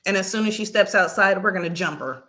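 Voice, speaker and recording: Woman, vlogger, casual storytelling, animated, acts out the dialogue. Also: mid-range voice, fast, slight background noise.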